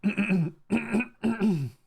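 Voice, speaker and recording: A man's voice: high voice, animated, drawn-out words, vocal fry, darkish tone, husky. A young adult man from Bulgaria chatting casually with his live stream viewers, stammering through restarts, swearing freely and greeting chatters by name.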